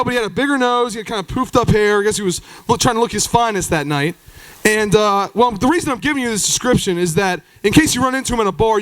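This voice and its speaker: Animated, high-voiced male stand-up comic. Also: dry recording, rough recording. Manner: profane, animated storytelling. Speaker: stand-up comedian. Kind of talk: live stand-up set. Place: comedy stage, live. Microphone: handheld stage microphone.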